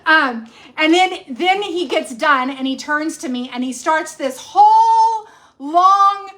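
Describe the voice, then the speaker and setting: A high-pitched woman in her forties, talks casually to her audience. She rambles and keeps correcting herself mid-sentence, in a friendly, chatty way. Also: expressive, takes it slowly, a bit bright. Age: 40s. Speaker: cooking channel host. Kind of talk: casual livestream chat.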